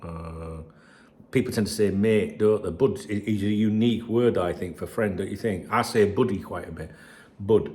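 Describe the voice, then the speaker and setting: Low-ish and dark in tone, this male voice moves at a moderate pace. He hosts a football channel solo, going through viewer messages with sweary, wandering commentary.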